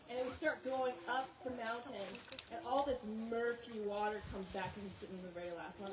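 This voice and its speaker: A woman's voice: on the high side, a little fast, few pauses. A woman speaking to a church crowd, telling a story in a chatty, laughing way. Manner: animated, laughing, chatty with frequent "okay?". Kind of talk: casual storytelling talk to a congregation. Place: outdoor church service. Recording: roomy, distant, with crowd and noise.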